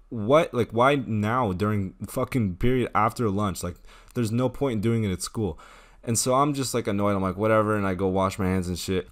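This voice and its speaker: A young man casually telling a storytime vlog over gameplay, laid-back, swearing and laughing as he goes. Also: sits low. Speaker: storytime vlogger.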